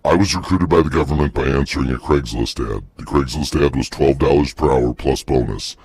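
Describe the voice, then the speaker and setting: Husky low-voiced grouch of an ex-base scientist, repetitive and exasperated, put on by a man. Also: a little mellow, dry recording, clean studio sound, full character voice. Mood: deadpan. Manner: gruff, exasperated, keeps repeating himself. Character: irritable middle-aged male ex-Area-51 scientist.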